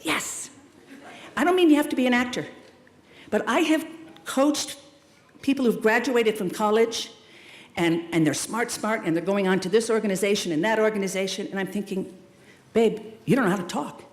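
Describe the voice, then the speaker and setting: A middle-aged woman giving a commencement speech. She talks to the graduates in a warm, emphatic way, calls them "loves" and "darlings", and throws in playful, dramatic asides. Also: mid-range voice, moderate pace. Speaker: commencement speaker. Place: large hall at a school ceremony. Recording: echoey hall, long reverb.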